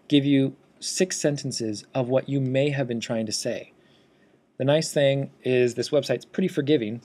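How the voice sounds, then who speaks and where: Man, instructor, screencast walkthrough, steady teacherly explaining, mid-pitched voice. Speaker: assistive technology instructor.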